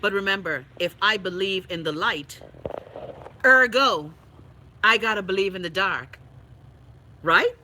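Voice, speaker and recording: A Bahamian woman hosting a livestream, chatting casually and reading viewer comments in a blunt, profane, animated way. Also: medium pitch, a little slow, pauses often, poor audio. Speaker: livestream host.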